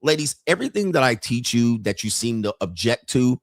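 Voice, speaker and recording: A man's voice: mid-range voice, lively intonation, fairly quick, dry recording, studio quality. Profane, mocking male commentator. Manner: profane, mocking, laughs often. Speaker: host. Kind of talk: casual commentary on clips.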